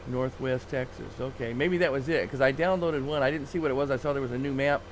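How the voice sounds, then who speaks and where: A man's voice: medium pitch, brisk, slight background noise. A man streaming a farming game, chatting casually and rambling with fillers and chuckles. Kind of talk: casual live-stream chat.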